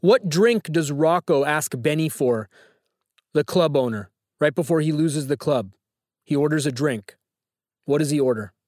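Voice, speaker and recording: A man's voice: a little high, unhurried, a little mellow, no echo, clean studio sound. A man hosting a phone-in trivia quiz, teasing and joking with callers. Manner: playful, teasing. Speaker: trivia show host.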